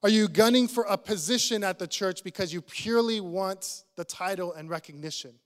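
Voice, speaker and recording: A man's voice: sits high, brisk, a bit bright, long reverb tail. A male pastor preaching a sermon in a church, earnest and probing, putting direct questions to his listeners.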